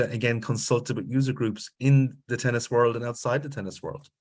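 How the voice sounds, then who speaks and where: Low-voiced Irish man giving a webinar. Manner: emphatic, lecturing, with frequent check-ins to the audience. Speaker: grants consultant presenting a webinar. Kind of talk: instructional webinar talk.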